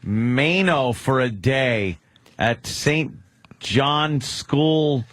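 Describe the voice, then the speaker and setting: A man's voice: mid-range voice, expressive, drawn-out words, fairly bright tone, dry recording. A man co-hosting a radio show in casual studio banter, sarcastic and profane, ranting in bursts. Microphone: studio microphone.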